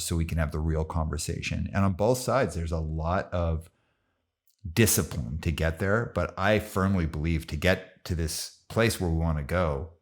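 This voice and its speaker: Low-voiced guy hosting a podcast, talks in animated fast bursts, does little voices of people. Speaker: podcast host. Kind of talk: conversational interview.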